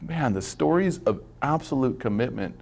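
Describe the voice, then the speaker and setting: A man telling stories in a relaxed conversation, acting out quoted lines and laughing often. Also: mid-range voice, moderate pace, vocal fry, slight background noise. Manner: animated storyteller, acts out quotes, laughs often. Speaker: guest minister. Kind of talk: casual conversation, storytelling.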